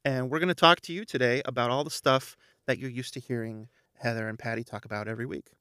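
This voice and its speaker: A man stepping in as guest host of a podcast, keeping things upbeat and conversational. His voice is smooth and resonant at a middle pitch, recorded dry. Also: steady tone, fast talker, sharp tone, dry recording. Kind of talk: casual podcast hosting.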